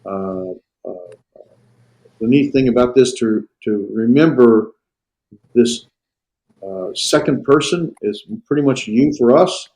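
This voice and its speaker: A man lecturing a classroom on Greek grammar, pausing often on fillers and restarts and checking in with his students. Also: mid-range voice, darkish tone, low-quality recording. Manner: halting, with frequent fillers and restarts. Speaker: Greek teacher.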